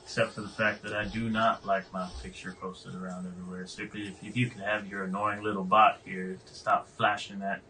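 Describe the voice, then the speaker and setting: A man playing a gruff, guarded cowboy. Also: sits low, level tone, a little fast, few pauses, bright, forceful tone, recorded from a distance, a little hiss or hum, rough recording. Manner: gruff, curt, distrustful. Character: guarded cowboy ex-prisoner with amnesia.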